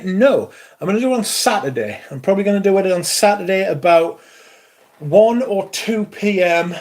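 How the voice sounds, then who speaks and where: Young British male streamer, raised pitch, sweary and excitable, casual chat to viewers. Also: moderate pace. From Britain. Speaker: livestream host.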